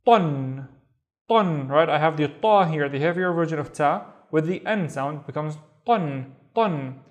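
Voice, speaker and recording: A man's voice: fairly high pitch, normal speed. A man with a Saudi accent teaching a beginner Arabic reading lesson, patiently sounding out and repeating words. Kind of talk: step-by-step language lesson.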